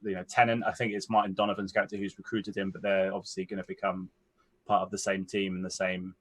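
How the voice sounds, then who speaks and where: Low-voiced man rambling about films. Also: level tone, fast. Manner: rambling, thinks aloud in long winding sentences. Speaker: film podcast co-host. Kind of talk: casual film chat.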